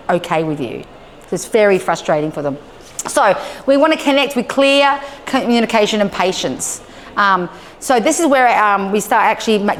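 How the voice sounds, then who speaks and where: Woman presenter in a reverberant hall. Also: medium pitch. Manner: lively storyteller who acts out dialogue and checks in with listeners. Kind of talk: live talk to homeschool families. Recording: long hall reverb with faint noise.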